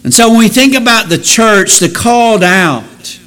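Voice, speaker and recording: A man's voice: high voice, expressive, measured pace, a bit bright. A man teaching a Bible lesson in an explanatory way, asking rhetorical questions and correcting himself as he goes. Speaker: preacher.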